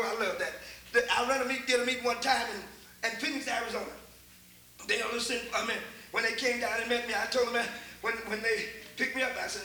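High-voiced older Texan preacher. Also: male voice, roomy sound, slight background noise, poor audio. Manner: folksy storytelling, repeats words, builds to shouts. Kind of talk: folksy sermon.

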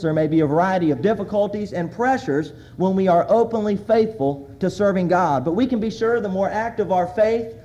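A man's voice: sits high, warm tone, dull audio. A man preaching a sermon as a pastor, earnestly reading scripture aloud with emphasis.

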